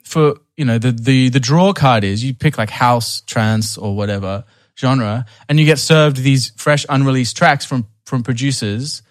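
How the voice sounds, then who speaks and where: A man's voice: mid-range voice, a little slow, dry recording, clean studio sound. A young man telling a long personal story in a casual podcast chat, with many restarts and fillers. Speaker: podcast guest.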